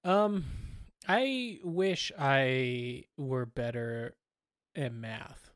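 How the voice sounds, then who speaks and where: A man's voice: mid-range voice, very slow, a bit bright, dry recording, clean studio sound. A man co-hosting a podcast, chatting casually with stammered restarts and lots of filler words. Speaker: podcast co-host. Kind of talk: casual chat.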